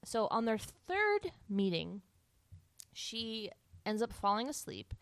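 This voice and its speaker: A woman's voice: on the high side, very animated, slow pace, fairly bright tone, dry recording. A young woman chatting casually as a podcast co-host. She talks freely and laughs a lot. Her voice sounds dry and close to the mic, with no room around it. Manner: chatty, laughs often, acts out movie lines. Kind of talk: casual chat.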